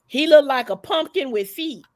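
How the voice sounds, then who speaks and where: Woman, high and gravelly, dry close sound; sassy, profane gossip host. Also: lively intonation, normal speed, darkish tone, no echo. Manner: sassy, profane, emphatic storytelling. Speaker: livestream host. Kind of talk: casual gossip commentary.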